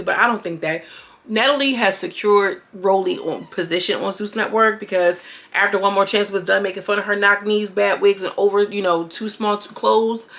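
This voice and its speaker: A woman giving a casual, animated recap of a reality show, sassy and quick to act out quotes. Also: medium pitch. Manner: animated, sassy, retells scenes in quoted voices. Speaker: reality TV commentator.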